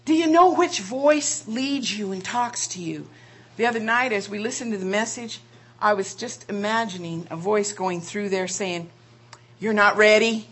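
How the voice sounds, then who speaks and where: Husky-voiced woman preaching. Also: mid-range voice. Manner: rhetorical questions, drawn-out emphatic phrases. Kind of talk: sermon.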